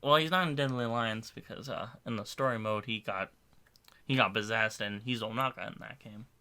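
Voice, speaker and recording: A man's voice: on the low side, fairly quick, bright, forceful tone, smooth. A young man in casual podcast chat, eagerly explaining video game lore with jokey asides. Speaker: podcast co-host.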